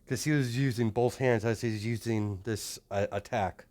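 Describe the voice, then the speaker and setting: A man's voice: lowish voice, steady tone, moderate pace, darkish tone. A man improvising a fan story narration, rambling and hesitant with many restarts.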